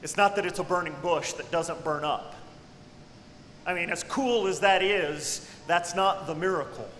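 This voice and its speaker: A man preaching a sermon with great dynamics, dropping to hushed tones and then rising to cries. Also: sits high, a little slow, slight background noise. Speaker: pastor. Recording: echoey hall with long reverb.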